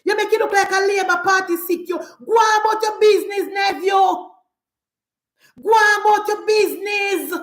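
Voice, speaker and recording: A Jamaican woman delivers a fiery political rant on a live stream, scolding and shouting as she repeats her points. Her voice sits very high, and the room gives it a noticeable echo. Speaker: political commentator.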